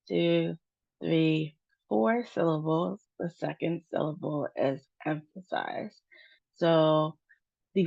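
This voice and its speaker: A woman teaching English pronunciation in a slow, deliberate lesson, drawing out each model word. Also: on the low side, vocal fry. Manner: drawn-out model words. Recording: dull, lo-fi recording.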